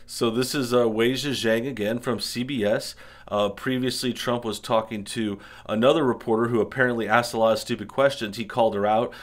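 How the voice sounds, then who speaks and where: A man's voice: medium pitch, fairly even intonation, fairly quick. A man hosting an opinionated commentary show, talking indignantly in a string of rhetorical questions. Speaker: political commentary host. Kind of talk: opinionated commentary over news clips.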